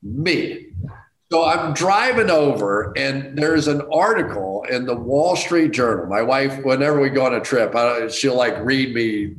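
A middle-aged man telling a casual anecdote as a guest, self-deprecating and animated, jumping to high excited outbursts. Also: unhurried. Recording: roomy echo.

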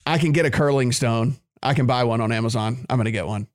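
A man's voice: medium pitch, fast. A man hosting a podcast in casual chat, easygoing and playful. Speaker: podcast host.

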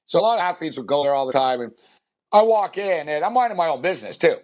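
A man tells a long story on a sports talk show, his voice sitting a touch high for a man. He wanders and restarts, piling on fillers as he goes. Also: quick pace. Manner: rambling, filler-heavy, animated impressions in quotes. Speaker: radio show host. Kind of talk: casual storytelling chat.

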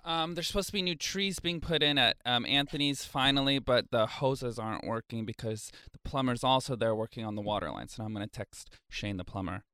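A man's voice: mid-range voice, brisk, few pauses, bright, forceful tone, clear, resonant tone, no room sound. A man on a talk show giving a casual, slightly hesitant update with fillers.

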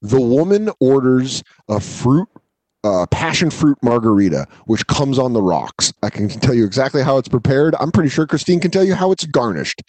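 A man's voice: medium pitch, normal speed, no echo. A man telling a story on a podcast, swearing freely and acting out the people in it. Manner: profane, animated, acts out the people in his stories. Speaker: podcast co-host, comedian.

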